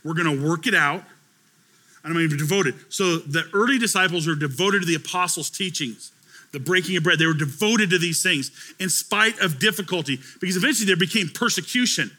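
A man's voice: fairly high pitch, brisk, sharp tone. A man preaching a conversational sermon to his church as pastor, telling stories with acted-out dialogue.

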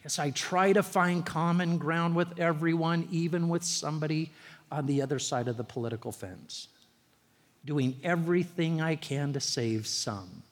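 Pastor, high male voice, chatty sermon with stories, long hall reverb. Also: moderate pace. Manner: conversational storytelling preacher, rising emphasis on key phrases.

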